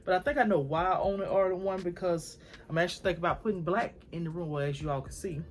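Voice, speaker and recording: A woman vlogger chatting casually and effusively to her viewers at home while showing off home decor items. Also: low-pitched. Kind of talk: casual haul chat to camera.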